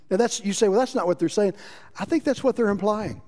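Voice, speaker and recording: Man, pastor, passionate sermon, fairly high voice, long church reverb. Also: fast talker. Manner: impassioned preaching, shifts between loud emphasis and quiet. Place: church sanctuary.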